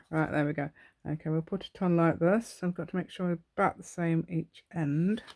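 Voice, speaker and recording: Lower-voiced woman chatting through a journal craft demo, rambly and giggly, dry close sound. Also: a little mellow, dry recording. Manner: rambling, self-talking, giggly asides. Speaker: craft channel host. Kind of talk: chatty step-by-step craft tutorial.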